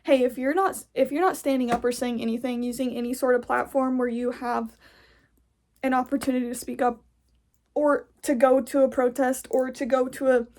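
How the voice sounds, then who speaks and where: A woman's voice: sits high, steady tone, moderate pace, a little mellow. A young woman hosting a podcast, delivering an angry, profane, blunt monologue. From United States. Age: young adult. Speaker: podcast host. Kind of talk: casual ranting monologue.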